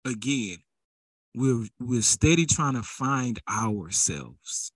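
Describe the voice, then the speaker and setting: A man's voice: medium pitch, animated, slow pace, husky, no echo. A man preaching a sermon in a casual, conversational way that builds into fervent exhortation.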